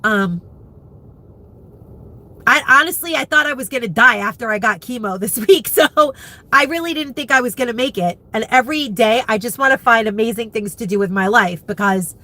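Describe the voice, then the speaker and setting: A woman's voice: a little high, lively intonation, normal speed, pushed and bright. Candid, emotional woman in her fifties. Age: 50s. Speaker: vlogger. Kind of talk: candid live chat.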